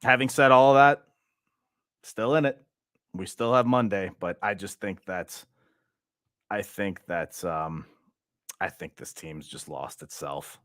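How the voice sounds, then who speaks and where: A man's voice: sits low, slow pace, pauses often, fairly bright tone, no room sound, clean studio sound. A young man from Louisiana hosting a fan channel, venting in an exasperated, repetitive way about his football team. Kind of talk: frustrated football fan monologue.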